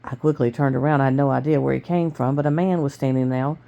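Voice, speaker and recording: A woman reading a novel aloud to her family in plain, steady storytelling with small stumbles. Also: very deep voice, quick pace, gravelly, muffled recording. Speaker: family reader.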